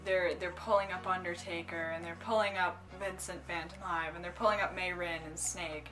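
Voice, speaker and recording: A woman's voice: lowish voice, moderate pace, over music. A young woman vlogger telling a casual story, rambling with lots of "like" and "um" and breaking into giggles. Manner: rambling, full of "like" and "um"; giggly, bursts into excited squeals. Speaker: cosplay vlogger.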